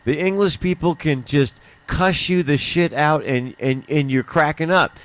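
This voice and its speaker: A man's voice: a little high, measured pace, very noisy. A man hosting a casual live stream chat, telling rambling stories full of swearing and mock accents. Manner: rambling storyteller, swears a lot, mimics accents.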